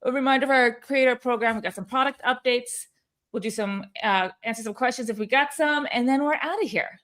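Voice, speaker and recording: A chatty woman co-hosting a relaxed weekly call, her voice sitting a little high. She runs through the agenda in a loose, upbeat way and laughs easily between points. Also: fairly quick. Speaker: co-host of a weekly company call. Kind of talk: casual group chat.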